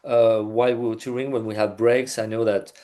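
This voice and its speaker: A man's voice: fairly low pitch, little pitch movement, fairly quick, dark tone. Chatty man rambling over a video call. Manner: chatty and loose, many fillers and restarts. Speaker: band bassist, interview guest. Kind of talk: casual interview chat.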